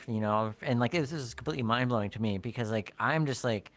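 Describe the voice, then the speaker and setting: A man's voice: medium pitch, quick pace, faint music behind. Rambling man telling an anecdote. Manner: rambling, many fillers, animated when quoting. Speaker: guest developer. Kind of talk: casual storytelling.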